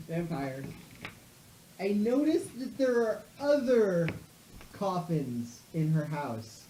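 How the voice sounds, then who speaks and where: A woman's voice: fairly low pitch, big pitch swings, dark tone, reverberant, a little hiss or hum, low-quality recording. A woman improvising a comic story, laughing as she goes. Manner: slow, laughing as she talks.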